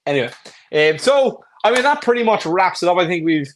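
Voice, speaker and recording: A man with a fairly high voice co-hosts a casual chat about fitness and food. He talks bluntly and with humor, and he slips into quick voices for the people he quotes. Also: sing-song, slight background noise. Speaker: podcast co-host, coach.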